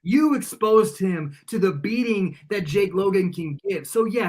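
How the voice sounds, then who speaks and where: A man, a wrestling guest, delivering a cocky, taunting promo that sinks into low menace. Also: animated, normal speed, few pauses.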